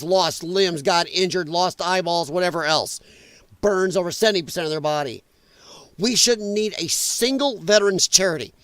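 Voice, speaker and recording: A middle-aged man hosts a political livestream from home, his voice sitting high for a man. He rants angrily and emphatically, peppering every point with profanity. The sound is dry and close, with no room around it. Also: fairly bright tone, no room sound. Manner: angry, profane, emphatic ranting. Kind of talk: casual ranting livestream commentary.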